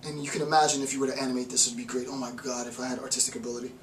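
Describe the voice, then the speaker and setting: A man giving an informal philosophy lecture, animated, repeating words and acting out little voices. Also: medium pitch, racing, slight background noise. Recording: roomy echo, mic far off.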